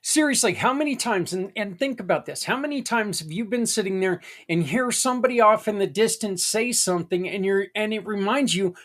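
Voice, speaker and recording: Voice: medium pitch, a little fast, hardly any pauses, a bit bright. Podcast host, folksy, rambling, earnest and encouraging, casual monologue. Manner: folksy and rambling, with tangents and mild swearing.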